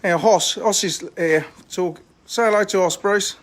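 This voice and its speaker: Chatty high-voiced man on a phone stream. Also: measured pace. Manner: chatty, rambling, self-mocking. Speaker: fishery owner live streaming. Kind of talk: casual live-stream chat. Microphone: phone camera held in hand.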